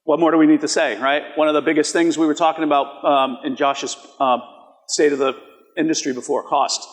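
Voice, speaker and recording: A man with a fairly high voice presents to a conference crowd, chatting through live poll results. He often tosses rhetorical questions at the audience. His voice rings with the long reverb of a large hall. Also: steady tone, brisk.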